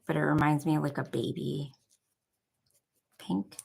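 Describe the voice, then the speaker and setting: Deep, husky and gravelly, this craft vlogger's darkish voice has a flat delivery and an unhurried pace, captured on poor audio. She's a young Buffalo, New York woman with the local accent, chatting and rambling through a crafting tutorial with lots of filler "likes."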